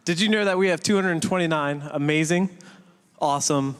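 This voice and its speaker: Smooth, bright-toned man co-hosting. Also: fairly high pitch, a little fast, big-room sound. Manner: upbeat, jokey. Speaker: co-host. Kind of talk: scripted stage banter.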